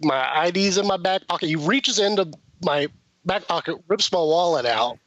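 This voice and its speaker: A high-pitched man spins a rambling story for his podcast friends, chuckling and putting on the voices of the people in it. The recording is dry and a little muffled. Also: no room sound. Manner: animated, laughs while telling, acts out quoted voices. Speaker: podcast guest. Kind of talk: casual storytelling.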